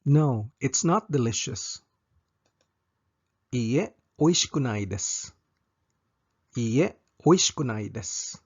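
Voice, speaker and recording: A man teaching a language lesson, saying each example slowly and repeating it twice. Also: medium pitch, animated, slightly rough, muffled recording.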